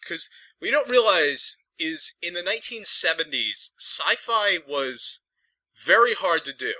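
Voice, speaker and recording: A man's voice: a little high, sing-song, normal speed, sharp tone, no echo, poor audio. A man reviewing films in a casual, digressive, profane ramble. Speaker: film reviewer.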